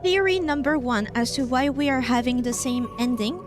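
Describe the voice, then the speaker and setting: A woman's voice: high-pitched, lively intonation, normal speed. A woman streamer casually talking through a story game, thinking aloud about which choices to make. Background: game music.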